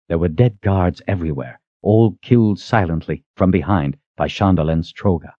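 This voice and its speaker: Low, lively male audiobook narrator. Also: moderate pace, hardly any pauses, no room sound. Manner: expressive storytelling. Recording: dull, dry lo-fi recording.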